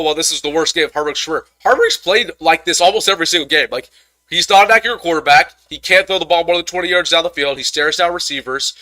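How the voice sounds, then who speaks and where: A man's voice: on the high side, pushed and bright, dry recording. Fired-up young man ranting postgame. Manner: frustrated, ranting, stammering restarts. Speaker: sports commentator host. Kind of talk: live-stream postgame reaction.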